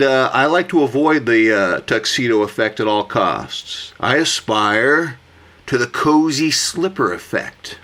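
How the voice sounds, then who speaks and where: A man with a rough morning voice, hosting a casual vlog monologue about his collection. He gushes theatrically and talks to himself as he goes. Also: mid-range voice, fairly bright tone. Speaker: watch collector vlogger.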